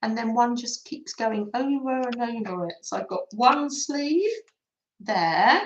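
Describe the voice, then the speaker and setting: A woman's voice: fairly high pitch, animated, measured pace, highs cut off, slight background noise. A woman from England hosting a craft livestream, chatting casually with viewers while she sews and laughing often. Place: home room. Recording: echoey room.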